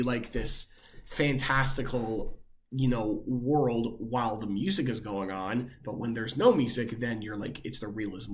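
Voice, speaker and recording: An unhurried young man with a medium-pitched voice co-hosts a podcast over slight background noise. His casual chat wanders, thick with filler words.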